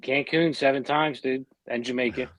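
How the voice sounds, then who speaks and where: A man's voice: mid-range voice, steady tone, normal speed, fairly bright tone, dry recording. A man in his forties from the Philadelphia area, talking bluntly and skeptically in casual chat, swearing a lot. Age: 40s.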